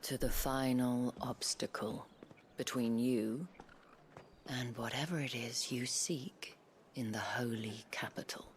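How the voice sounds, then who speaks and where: An actress voicing a sultry, scheming brothel madam in a video game, speaking in a breathy near-whisper with slow, teasing, silky delivery. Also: female voice, a bass voice, fairly even intonation, slight background noise.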